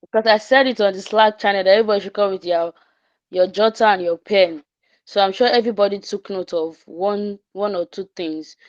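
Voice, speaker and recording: A woman's voice: medium pitch, fairly even intonation, fairly quick, no room sound. A woman giving earnest closing remarks in an online class, summarizing with small restarts. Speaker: class coordinator. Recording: dry, dull online call audio.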